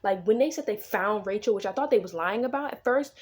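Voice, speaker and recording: A woman casually recapping a novel she is reading, retelling scenes in a chatty, animated way with plenty of swearing. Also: medium pitch, quick pace. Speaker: vlogger recapping a book. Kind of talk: casual book-reading vlog chat.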